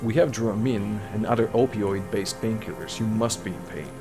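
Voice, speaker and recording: Blunt questioning cop, read by a male streamer, low voice, music bed. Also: normal speed, lightly acted. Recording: music playing behind voice.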